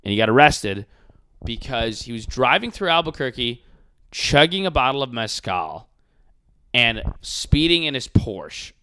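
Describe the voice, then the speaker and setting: Profane, animated man on a podcast. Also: medium pitch, a little slow, clean tone. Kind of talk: casual podcast chat.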